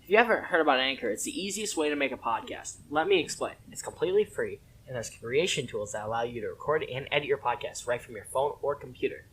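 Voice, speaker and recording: A man's voice: medium pitch, lively intonation, fast, few pauses, a bit bright, a little hiss or hum, low-quality recording. A young man co-hosting a casual podcast, answering briefly and hesitantly and reading a sponsor spot. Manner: brief agreeing replies, hesitant. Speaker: podcast co-host.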